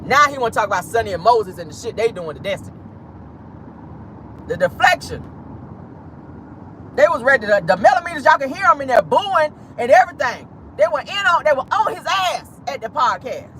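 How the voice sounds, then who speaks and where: A woman hosting a casual celebrity gossip vlog, sassy and animated, laughing and talking straight to her viewers. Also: sits high, a little fast, slight background noise. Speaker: host.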